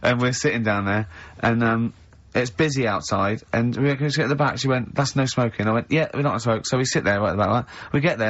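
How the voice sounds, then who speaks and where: A man's voice: mid-range voice, muffled recording. A man with an English accent hosting a radio show, teasing his co-hosts and telling stories in casual banter. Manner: teasing, laughs often, acts out other people's voices in stories. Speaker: radio host.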